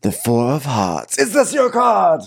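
Man doing a meddling rich lady, high breathy voice, sweet, lilting. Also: huge pitch swings, a little slow, heavily acted. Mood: theatrical. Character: wealthy woman restaurant owner, sweet and meddling.

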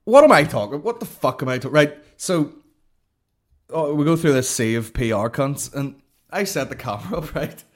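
A young man hosting a comedy podcast, telling a story in a profane, animated rant full of fillers. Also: fairly high pitch, moderate pace.

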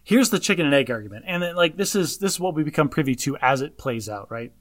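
A man co-hosting a casual movie discussion, excitedly retelling scenes and acting out the lines. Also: on the high side, fast, no room sound, studio quality. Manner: animated, laughing, acts out quotes. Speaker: podcast co-host.

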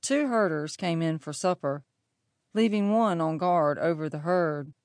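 Woman storybook narrator, deep-set and unhurried, measured delivery. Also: a little mellow, no room sound, clean studio sound. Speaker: audiobook narrator.

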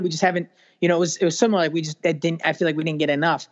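Male co-host, higher voice, halting casual chat, slightly muffled line. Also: flat delivery. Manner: rambling, halting, many fillers. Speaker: podcast co-host. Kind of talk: casual podcast discussion.

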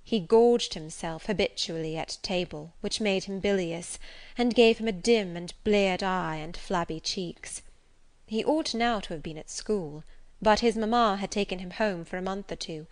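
A woman narrates a classic novel in a measured, deliberate reading voice. She sinks at times to a soft, hushed near-whisper. Her pitch sits in a middle range. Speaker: audiobook narrator. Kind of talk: scripted narration.

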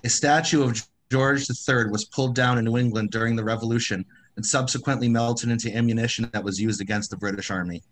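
A man's voice: medium pitch, steady tone, quick pace, hardly any pauses, a little hiss or hum. A man co-hosting a casual podcast chat, teasing his friend and swearing freely while sharing history facts. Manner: teasing, profane, storytelling. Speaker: podcast co-host.

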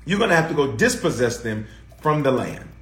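Fervent preaching man, lively pitch. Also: brisk, echoey room. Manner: fervent, call-and-response preaching. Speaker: pastor. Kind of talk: livestreamed sermon.

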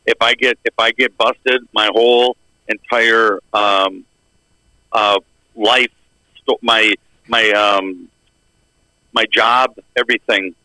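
A man's voice: on the low side, steady tone, slow, pauses often, sharp tone, no room sound, rough recording. A middle-aged man on a podcast telling a long story in a casual, rambling way, acting out the lines of the people in it. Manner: rambling, acts out quoted dialogue. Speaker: podcast co-host.

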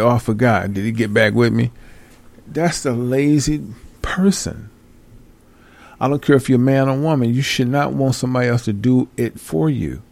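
A man with a gravelly, fry-laden voice rants through a casual talk show, exasperated and swearing freely. He breaks into laughter often, and the sound is close and dry. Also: mid-range voice, darkish tone, no room sound. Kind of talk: casual ranting commentary.

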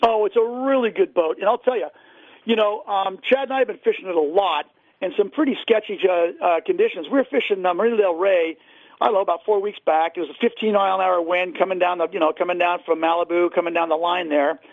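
High gravelly man on a phone line. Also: fast talker, no room sound. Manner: enthusiastic storyteller, many fillers. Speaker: fishing guide and boat seller. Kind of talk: casual radio interview. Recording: dry, tinny phone line.

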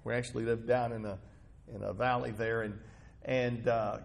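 A man's voice: mid-range voice, flat delivery, normal speed, creaky. A male pastor giving a sermon in a conversational, storytelling manner, asking the congregation rhetorical questions.

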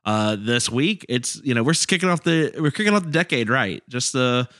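A man's voice: medium pitch, animated, brisk, fairly bright tone. A man hosting a casual podcast, friendly and loose, laughing between his intros. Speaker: host.

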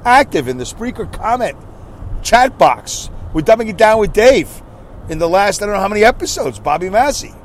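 A man's voice: sits high, sing-song, moderate pace, slight background noise, rough recording. A man hosting his podcast from inside his car, reading listener comments in a rambling, self-mocking way. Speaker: podcast host. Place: inside a car while driving.

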